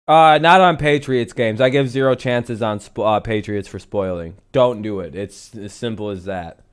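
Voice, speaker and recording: A man's voice: on the low side, moderate pace, clear, resonant tone. A man hosting a casual live stream, chatting over a football game and greeting viewers by name, swearing freely.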